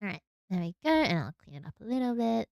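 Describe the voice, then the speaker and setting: A woman's voice: a little high, very animated, fast talker, creaky, a little mellow, no room sound, studio quality. A young woman with an Australian accent, chatting casually to her stream while she draws and giggling at herself. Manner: chatty, self-mocking, giggly asides. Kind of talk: casual chat while drawing.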